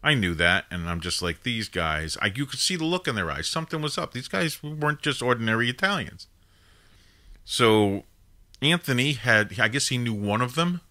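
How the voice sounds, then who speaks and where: Here the same kind of host, a man in his fifties, has a mid-range, sing-song voice with a bright, forceful tone and normal speed. On his live call-in show he wanders through a family story, constantly dropping in "now" and "you know."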